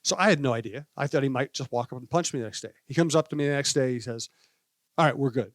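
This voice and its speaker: A man with a Midwestern accent, a veteran sportscaster guest telling an anecdote in a brisk, relaxed way. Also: mid-range voice, no echo. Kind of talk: casual storytelling chat.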